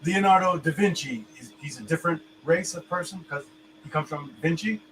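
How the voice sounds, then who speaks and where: Poor audio carries this co-host's slightly high, fairly bright voice, which moves a little fast. He's casual and emphatic, using slang and loose phrasing and often restarting, with faint noise underneath.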